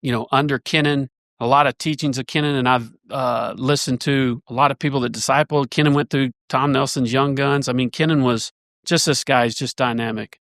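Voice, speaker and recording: A man with a gravelly, mid-range voice tells a winding story, restarting his sentences as he goes. He speaks casually and with animation as a church elder guesting on a podcast. The sound is dry and close. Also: mid-range voice, fairly even intonation, a little fast, fairly bright tone, no echo.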